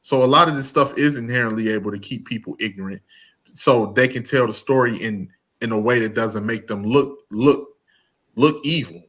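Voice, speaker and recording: A man's voice: medium pitch, normal speed, a bit bright. A man hosting a casual commentary talk, blunt and emphatic, often restarting his sentences. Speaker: host of commentary channel.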